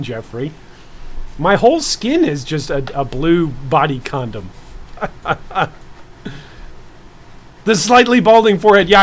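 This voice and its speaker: A man's voice: high-pitched, a bit bright. A man in his thirties joking around with viewers while streaming live. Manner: playful, jokey, chatting to viewers. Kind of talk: live-stream reaction chat.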